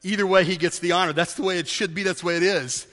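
A man's voice: high-pitched, fairly even intonation, quick pace, sharp tone, big-room sound. A male pastor preaching a sermon, emphatic and repeating key words for stress.

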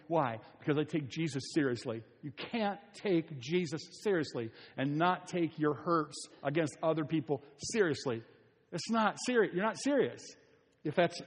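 In a church sanctuary, with sound trailing off in a long reverb, an older male pastor delivers his sermon in a slightly rough voice that sits on the high side. He pleads earnestly and keeps repeating his phrases to drive them home.

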